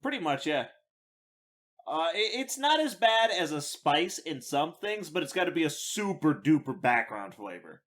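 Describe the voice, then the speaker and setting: Guy co-hosting a podcast, bit higher voice, swings up and down a lot, wry and teasing. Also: normal speed. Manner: wry, teasing, lively delivery. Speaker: podcast co-host. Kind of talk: casual comedic chat.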